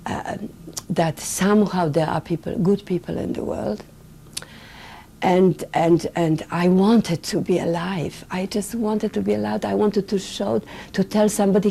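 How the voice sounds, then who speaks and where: Older woman with a low, mellow voice. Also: creaky, slight background noise. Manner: halting, with many fillers and restarts. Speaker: interviewee, Holocaust survivor. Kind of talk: recorded oral history interview.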